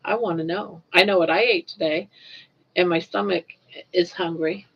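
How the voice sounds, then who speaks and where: A woman's voice: fairly low pitch, fairly even intonation, normal speed, slightly rough. An older woman from Maine hosting a casual livestream chat, rambling along and repeating words as she goes. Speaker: livestream host. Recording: dull lo-fi livestream audio.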